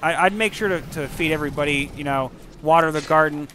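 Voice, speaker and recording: A man giving casual gameplay commentary, excitable and profane, yelling at enemies while chatting. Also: a little high, fast talker, very noisy. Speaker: gamer commentator.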